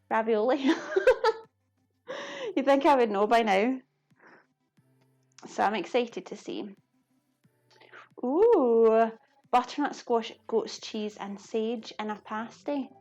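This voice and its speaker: A Scottish woman from the Glasgow area with a fairly high voice chats away while she cooks, chatty, self-deprecating and quick to laugh. She talks to her viewers as she works, and faint music plays behind her. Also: a little mellow. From Scotland. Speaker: live cooking streamer. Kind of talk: casual chat while cooking and reading chat.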